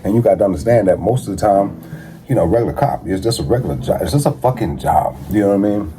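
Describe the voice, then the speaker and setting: Fast and dark in tone, a man's fairly low voice comes with a little hiss or hum, and music plays behind him. His conversational monologue gives advice bluntly and casually, thick with cursing and street slang.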